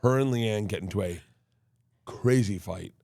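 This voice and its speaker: A middle-aged man, a comedian and guest, telling animated family stories in a casual interview and acting out voices as he goes. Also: fairly low pitch, measured pace, vocal fry, no echo, clean studio sound. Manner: animated storyteller, acts out family members' voices. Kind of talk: storytelling interview chat.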